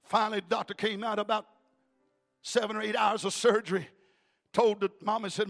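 A male evangelist preaching in a church, telling a story emphatically and rising to shouts. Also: sits high, fast talker, faint music behind. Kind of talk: storytelling sermon.

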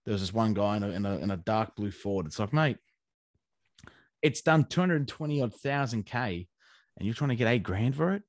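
A man's voice: lowish voice, lively intonation, normal speed, dry recording, clean studio sound. A man, co-hosting a casual podcast chat with crude, rambling, sweary banter. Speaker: podcast co-host.

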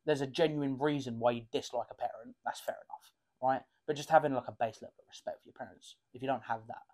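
A young man co-hosting a casual podcast at an ordinary mid pitch. He talks with passion and swears freely, often stopping to hunt for the right word. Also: steady tone, quick pace, a little mellow. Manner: passionate, sweary, searches for words. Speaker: podcast co-host. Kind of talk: casual chat.

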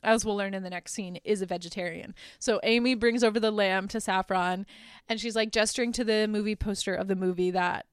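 A young adult woman hosting a podcast, chatting through a movie plot with lots of "like" and quick laughs. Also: medium pitch, steady tone, clean tone, dry recording, studio quality. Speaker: podcast host. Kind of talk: casual movie recap.

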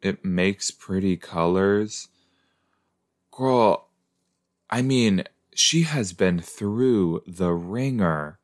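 A man's voice: sits low, very slow. A man hosting a casual watch-along podcast, talking back to the characters on screen and musing with playful asides. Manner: chatty, exclaims at the screen, talks back to characters. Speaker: podcast host reacting to a TV episode.

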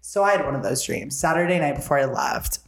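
A young man and podcast co-host telling a story in casual chat, animated and profane, acting out the lines of everyone in it. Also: mid-range voice, fast talker, creaky. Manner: animated, profane, dramatic retelling with lots of quoted dialogue. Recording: roomy echo.

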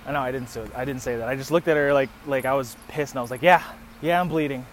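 A man's voice: medium pitch, rapid-fire. A man in his thirties hosting a podcast, telling a story casually with lots of swearing and bursts of laughter. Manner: profane, animated storytelling with laughs. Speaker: podcast host. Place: outdoors near a street. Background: passing traffic noise.

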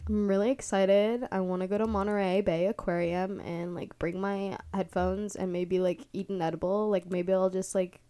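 A woman's voice: mid-range voice, little pitch movement, moderate pace, few pauses, warm tone, clean tone. A young woman from the Bay Area hosting a casual solo podcast, rambling with lots of fillers and laughing easily. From San Francisco Bay Area. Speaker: podcast host.

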